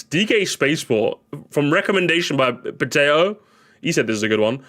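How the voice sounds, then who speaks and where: A male streamer reacting live to game replays, chatty and excitable, rambling with many restarts. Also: on the high side, a little fast.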